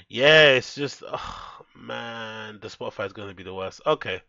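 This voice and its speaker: A man's voice: lowish voice, measured pace, gravelly, pushed and bright, dry recording. Laid-back streamer, swears a lot, chats to his viewers over a dull, dry, lo-fi headset mic. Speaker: live streamer. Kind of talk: casual live-stream chat. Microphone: headset microphone.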